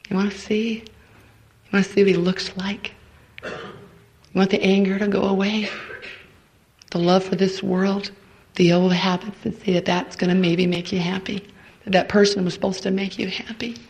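A woman's voice: medium pitch, level tone, moderate pace, pauses often, low-quality recording. Fervent middle-aged woman preaching. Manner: fervent, stammering repeats, drops to hushed near-whispers. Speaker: speaker at a women's retreat. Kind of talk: emotional sermon.

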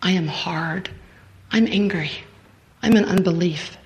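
A middle-aged woman preaching an emotional sermon to a women's retreat, fervent and stammering, dropping into hushed near-whispers. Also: fairly low pitch, a little slow, slight background noise, rough recording.

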